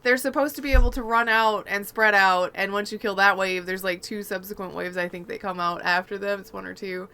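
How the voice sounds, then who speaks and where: A woman's voice: medium pitch, fairly even intonation, fairly quick, hardly any pauses, pushed and bright, clean tone. A woman co-hosting a gaming podcast, telling rambling, chatty stories in casual conversation. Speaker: podcast co-host.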